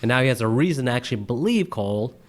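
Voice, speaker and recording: A man at an ordinary pitch co-hosts a relaxed movie review conversation. He is animated and laughs often. He keeps breaking into exaggerated voices to act out lines and reactions. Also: racing. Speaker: podcast co-host. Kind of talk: casual movie review chat.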